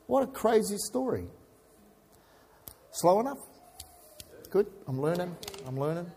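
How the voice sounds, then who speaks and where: A man's voice: sits high, sing-song, measured pace, pauses often, mellow, husky. A man preaching a sermon as pastor, chatting and joking with his congregation between scripture readings. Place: church hall. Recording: long hall reverb.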